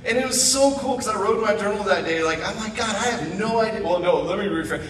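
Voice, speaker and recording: A middle-aged man telling his testimony as a guest speaker at church, animated with asides. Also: sits high, fast, slight background noise. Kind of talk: personal testimony. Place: church sanctuary. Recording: echoey room, mic far off.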